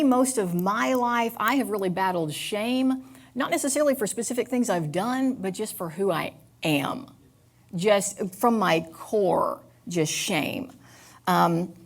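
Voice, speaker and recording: A woman giving a sermon at church in a candid, confessional way, halting with fillers. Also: fairly low pitch, creaky. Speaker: church speaker.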